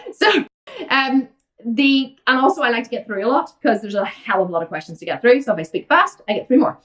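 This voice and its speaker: A woman's voice: on the high side, expressive, brisk, a bit bright, recorded from a distance. An Irish woman hosting a fitness Q&A, blunt and outspoken as she answers viewer questions. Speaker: fitness coach and host.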